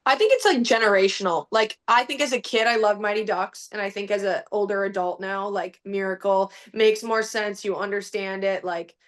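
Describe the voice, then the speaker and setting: A young woman guest chatting casually on a podcast. Her voice sits at a middle pitch. She rambles easily and fills her sentences with "like", relaxed and unhurried. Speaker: guest, hockey player. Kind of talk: casual chat.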